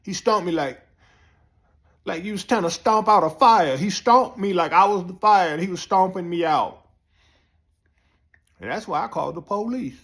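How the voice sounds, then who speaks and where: A man tells a rowdy comic tale, his voice a touch high and leaping up into squeals at the wild moments. He speaks with a loose, profane delivery. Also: normal speed, pauses often. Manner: animated, profane, squeals into high pitch when excited. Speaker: comedian storyteller. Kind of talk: comic monologue.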